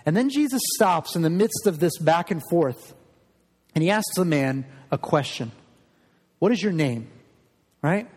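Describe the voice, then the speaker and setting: Male pastor, earnest sermon, emphatic, higher-pitched voice, long echoing church reverb. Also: lively intonation, moderate pace, a little mellow, slightly rough. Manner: earnest and emphatic, repeats words.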